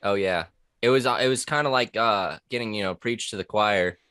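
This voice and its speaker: A man's voice: on the low side, brisk, bright, forceful tone, clear, resonant tone, dry recording, clean studio sound. A man talking casually on a podcast about his time as a corrections officer. He rambles with many fillers, restarts and curse words.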